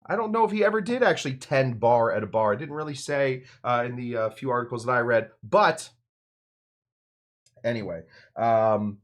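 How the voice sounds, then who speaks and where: A man at a middle pitch hosts a casual cocktail demonstration. His talk wanders, with plenty of fillers and side remarks, in the easygoing way of a working bartender chatting behind the bar. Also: animated, moderate pace. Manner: rambling, loose, full of fillers and side remarks. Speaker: bartender and show host.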